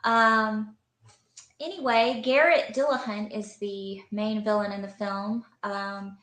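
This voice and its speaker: A woman's voice: medium pitch, steady tone, takes it slowly, a bit bright. Offhand woman reviewing a movie, echoey room. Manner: rambling, offhand, dry asides. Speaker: movie reviewer in an old video. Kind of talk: casual movie review vlog.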